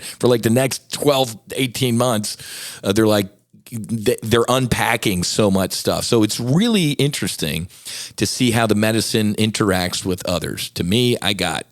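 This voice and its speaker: Passionate middle-aged man, low voice. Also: no room sound, studio quality. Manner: candid, passionate, rants with rising emphasis. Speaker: podcast host. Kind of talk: casual solo podcast talk.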